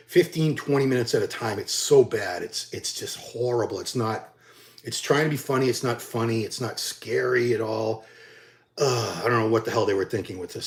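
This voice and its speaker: A middle-aged man tells his viewers a story plainly and bluntly, with a voice of ordinary pitch for a man. He gets animated when he acts out what people said, then settles back into easy talk. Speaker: bodybuilding channel host.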